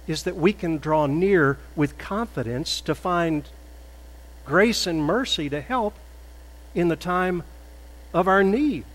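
A man preaching in a slow, unhurried cadence, his slightly high voice carrying through a reverberant sanctuary. He builds from quiet reasoning to forceful emphasis on key points. A faint electrical hum sits under the recording. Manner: measured preaching that builds to loud emphatic peaks. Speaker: pastor. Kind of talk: sermon. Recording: echoey hall with faint mains hum.

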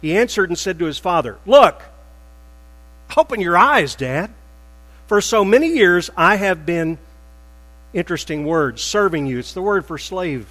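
A man preaching a sermon as pastor, emphatic and animated, acting out quoted lines with rising bursts. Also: sits high, normal speed, in a large hall, low-quality recording.

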